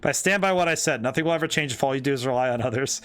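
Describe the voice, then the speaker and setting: A man's voice: mid-range voice, racing, clear, resonant tone, lightly acted. A man reading an earnest young fortune teller woman. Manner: reads the dialogue aloud in his own voice, calm and sincere.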